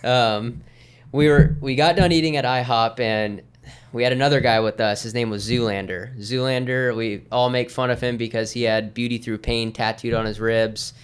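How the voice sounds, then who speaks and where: Male guest, 30s, smooth resonant voice, relaxed rambling storyteller. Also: mid-range voice, normal speed. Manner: easygoing, rambling, with many fillers. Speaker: podcast guest. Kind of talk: casual storytelling in conversation.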